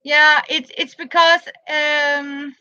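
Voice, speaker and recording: In a casual show-and-tell, a crafter whose native language is Danish presents her handmade boots, speaking slow, halting English with lots of fillers while searching for words. Her high, bright voice keeps a level tone, recorded dry and slightly dull.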